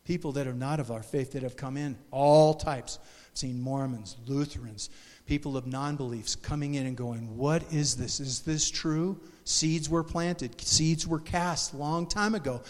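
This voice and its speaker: A man preaching a sermon as pastor in a church, animated and emotional, with restarts and sudden loud bursts. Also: mid-range voice, normal speed, in a large hall. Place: church sanctuary.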